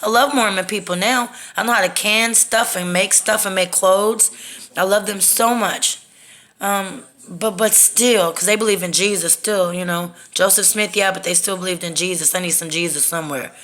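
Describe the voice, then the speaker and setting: Lady rambling her story into her phone, cussing a lot, bright sharp voice. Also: medium pitch, fairly even intonation, normal speed. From Texas. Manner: candid, profane and rambling. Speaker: storytime vlogger. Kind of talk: casual storytime monologue.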